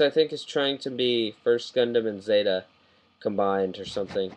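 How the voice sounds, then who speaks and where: With a fairly low-pitched voice, a man gives a loose, rambling model kit review, getting worked up and correcting himself mid-sentence again and again. The webcam mic yields a rough recording.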